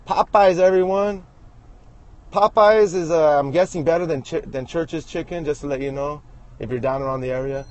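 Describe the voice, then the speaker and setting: A man's voice: fairly high pitch, normal speed, lo-fi sound. Rambling joking man filming from his truck. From Los Angeles area. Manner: joking, crude, rambling with restarts. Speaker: vlogger filming while driving. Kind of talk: rambling self-filmed commentary. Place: inside a truck, driving.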